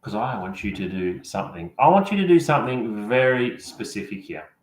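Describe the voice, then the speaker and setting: A man's voice: fairly low pitch, very animated, a little fast, noisy background. A man, a career coach presenting an online workshop, speaking directly and encouragingly to his audience. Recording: roomy echo.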